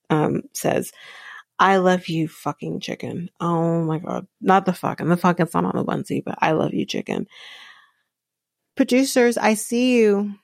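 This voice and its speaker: A woman's voice: on the low side, vocal fry, no echo, studio quality. A woman hosting a podcast, recapping a reality show in a blunt, profane, exasperated rant. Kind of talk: casual solo recap.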